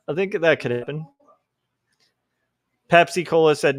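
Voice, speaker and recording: A man's voice: a little high, unhurried, no echo, clean studio sound. A man livestreaming while he draws comics, chatting casually and reading out chat messages, with rambling asides and chuckles.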